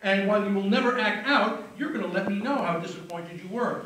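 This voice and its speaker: A man working as a stage hypnotist, giving slow soothing suggestions and apologetic banter to volunteers. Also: sits high, a bit bright, far from the mic, slight background noise. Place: live venue with audience. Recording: echoey room, taped from afar.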